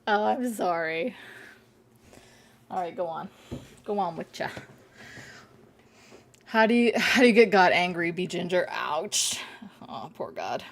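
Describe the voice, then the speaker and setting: Young woman streamer, casual and chatty, reads chat jokes aloud, giggles a lot; gravelly texture. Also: lowish voice, lively intonation, measured pace, long pauses. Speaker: game streamer.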